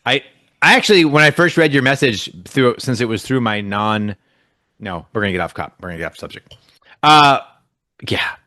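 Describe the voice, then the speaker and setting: A man co-hosting a casual podcast, fresh out of bed. He rambles in a jokey way and keeps breaking off his own sentences. His pitch sits in the middle, and the sound is dry and close. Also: animated, normal speed, bright, forceful tone, no room sound. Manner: rambling, self-interrupting, jokey. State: just woken up. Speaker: podcast co-host. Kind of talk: casual chat.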